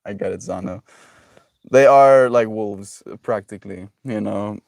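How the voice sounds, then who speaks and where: A man's voice: fairly low pitch, unhurried, vocal fry, a little mellow, no room sound. Joking young man streaming, dry sound. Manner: reads chat aloud, laughs often, jokey. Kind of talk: casual live-stream chat.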